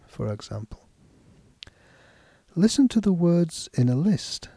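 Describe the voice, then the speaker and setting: A man teaching an English lesson, speaking slowly and deliberately with careful enunciation as he explains stress and reads a text aloud. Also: fairly high pitch, big pitch swings, mellow, no echo. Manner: slow, deliberate, clearly enunciated.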